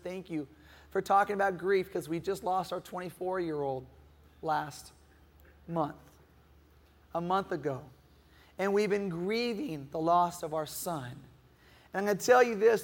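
A man's voice: high voice, creaky. A middle-aged male pastor preaching a sermon, asking the congregation questions and now and then acting out a whiny moaning voice. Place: church hall. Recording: reverberant hall.

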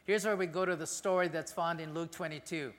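A man pastor giving a conversational, animated sermon in a church sanctuary. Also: fairly high pitch, a little fast, big-room sound.

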